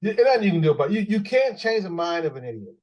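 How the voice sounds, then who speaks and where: A man's voice: fairly high pitch, very animated, a little mellow, muffled recording. A man co-hosting a political podcast, speaking casually with many restarts. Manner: halting, many restarts and fillers. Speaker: podcast co-host.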